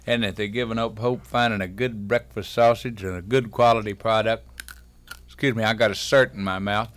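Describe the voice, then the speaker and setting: A man's voice: lowish voice, fairly even intonation, a little fast, a bit bright. A man, a guest on a talk show, chatting in a folksy, joking way. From Texas. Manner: folksy, wisecracking storyteller.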